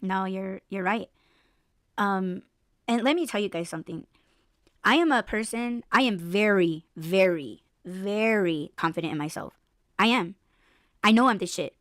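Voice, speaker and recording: A woman's voice: mid-range voice, dry recording, clean studio sound. A woman hosting a podcast, telling a story in blunt, profane casual chat. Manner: blunt, profane, animated storytelling with mock voices. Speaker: podcast host.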